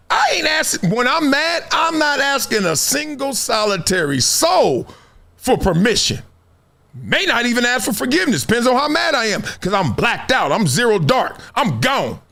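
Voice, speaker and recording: A middle-aged man hosts a live sports talk stream from his home studio, his voice sitting high with a slight brightness. He reacts to chat with emphatic build-ups and laughs often.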